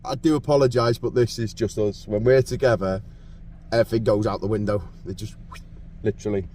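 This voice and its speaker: Out fishing in the cold night air, this man talks casually to his camera, excitable, full of jokes and frequent laughter. His voice runs on the low side and a little fast, picked up by a distant mic with some slight hiss or hum.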